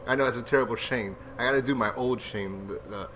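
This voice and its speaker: A man talks casually through a TV episode review, rambling and poking fun at himself. His voice is bright and forceful at an ordinary middle pitch. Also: fairly even intonation, fairly quick, few pauses, slight background noise. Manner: rambling, self-deprecating, jokey.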